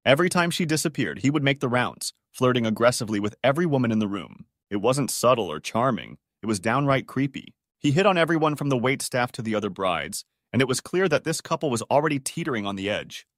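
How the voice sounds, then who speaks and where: A man reading online stories aloud as a narrator, with a steady, evenly paced storytelling delivery. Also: mid-range voice, quick pace, hardly any pauses, dry recording, studio quality.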